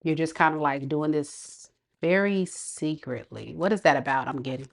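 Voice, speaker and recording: A woman with a fairly low voice gives a casual tarot reading. She talks in a chatty, slangy way, laughs often, and speaks straight to her viewers. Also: normal speed, vocal fry. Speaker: tarot reader.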